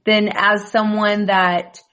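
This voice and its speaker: A woman's voice: mid-range voice, level tone, slow pace, fairly bright tone. A woman in casual chat, dropping wry, joking remarks.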